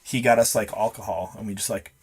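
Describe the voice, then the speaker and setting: A man's voice: on the low side, steady tone, quick pace, slightly rough. A man in his thirties, a podcast guest, telling a long rambling story in casual chat, swearing often and acting out the dialogue.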